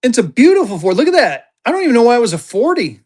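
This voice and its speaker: In a live online auction, the seller hypes the items with rapid patter and lots of repeated phrases. As bids pour in he becomes excitable, and his voice shoots up high when things get heated.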